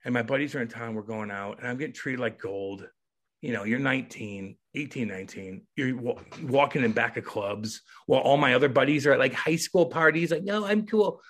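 A man, a former hockey player, telling a story as a guest on a podcast in a casual, animated way, swearing and acting out the voices in his story. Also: mid-range voice, brisk.

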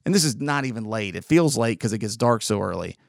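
A man's voice: lowish voice, expressive, brisk, gravelly, no room sound, studio quality. A man talking in a casual, rambling monologue, exasperated and full of restarts.

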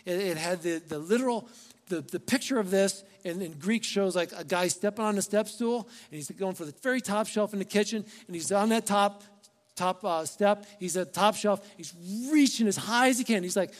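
Man preaching, high voice, conversational and emphatic, rhetorical questions, long hall reverb. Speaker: pastor. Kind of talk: sermon.

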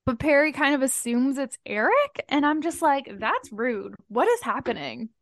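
A woman co-hosting a casual book club podcast, chatty and reactive, often chiming in with quick agreement. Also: high-pitched, very animated, a bit bright, no echo. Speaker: podcast co-host.

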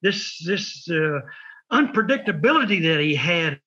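A man's voice: a little high, big pitch swings, measured pace, pushed and bright, lo-fi sound. A man telling rambling stories in casual chat, acting out voices and sound effects. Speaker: wrestling podcast host telling stories.

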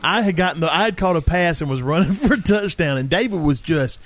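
A man telling stories to friends in casual chat, animated and laughing often. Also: a little high, fast. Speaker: storyteller among friends.

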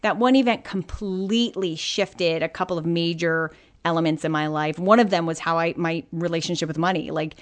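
A woman's voice: lowish voice, steady tone, moderate pace. A woman hosting a podcast, chatting earnestly about a moving personal experience. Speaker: podcast host. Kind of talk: casual interview chat.

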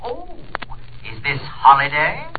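A man's voice: on the high side, huge pitch swings, slow, full character voice. An actor playing a teasing wealthy man who runs a twisted game, in a 1940s radio drama. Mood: sly. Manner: sly, teasing, amused, swooping delivery. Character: mocking wealthy male game-maker. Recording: tinny 1940s radio broadcast over faint hiss.

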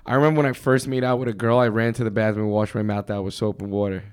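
A man's voice: on the low side, flat delivery, rapid-fire, clean tone. A young man with a stuffy nose, a guest telling joking stories and laughing in crude casual banter. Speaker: podcast guest.

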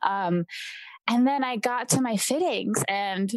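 A woman's voice: a little high, slow, no room sound. Chatty young woman, dry close sound. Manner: chatty, laughs often, fillers like "like" and "you know". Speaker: podcast guest, actress. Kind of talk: casual interview chat.

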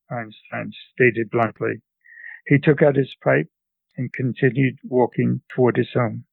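An older man, a scholar and guest, telling a story slowly and haltingly in an interview over a remote call. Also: mid-range voice, fairly even intonation, gravelly, slightly rough, dry recording. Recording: phone-like line.

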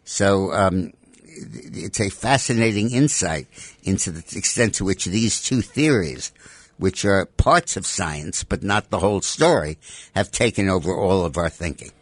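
A man's voice: deep voice, animated, measured pace, no echo. A man giving opinionated commentary as a radio talk show guest, emphatic and piling up repeated rhetorical demands.

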